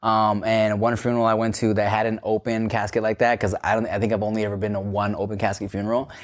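A man's voice: fairly low pitch, level tone, fast talker. A man talking as a podcast guest in casual chat, laid-back, often checking in with the listener. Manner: laid-back, often asks 'you know what I'm saying?'.

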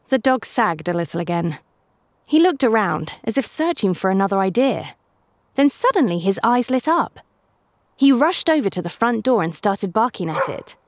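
A woman hosting a children's story podcast, narrating in an animated way with playful asides to young listeners. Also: mid-range voice, normal speed, dry recording, studio quality. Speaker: storyteller and host.

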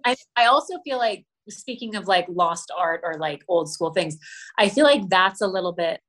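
A pregnant woman from Los Angeles chatting as a guest, effusive and quick to act out what people said to her. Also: on the low side, animated, fairly bright tone. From Los Angeles, USA. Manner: effusive, acts out quoted exchanges. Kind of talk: casual chat.

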